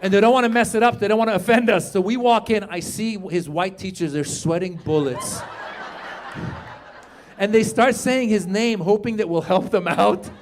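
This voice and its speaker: Animated high-voiced male stand-up comic. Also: moderate pace, slight background noise. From Iran. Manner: animated, shouting punchlines to the crowd. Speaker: stand-up comedian. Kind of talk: stand-up comedy set. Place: comedy club stage with live audience.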